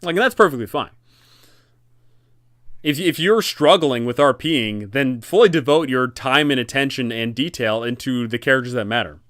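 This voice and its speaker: Animated man with a smooth clear voice. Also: medium pitch, moderate pace, dry recording, studio quality. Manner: animated, rambling, frequent self-corrections. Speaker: dungeon master and channel host. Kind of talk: casual advice talk.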